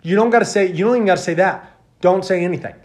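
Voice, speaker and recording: A man's voice: high-pitched, very fast. A man hosting a casual podcast chat, blunt and emphatic, swearing often. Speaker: podcast host.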